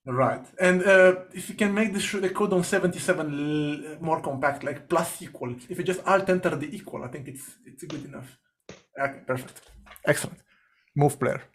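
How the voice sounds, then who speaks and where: A man runs a live group coding session, his voice sitting a touch high for a man. He thinks aloud, questions names and fires off quick directions to whoever is typing. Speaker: session facilitator.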